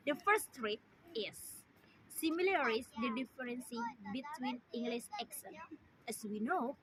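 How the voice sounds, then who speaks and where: Young woman doing a class speech, slow and halting, keeps restarting, high bright voice, faint room hum behind. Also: expressive. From Indonesia. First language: Indonesian. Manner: halting, with frequent restarts and repeated words. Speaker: student giving a speech. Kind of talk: formal prepared speech.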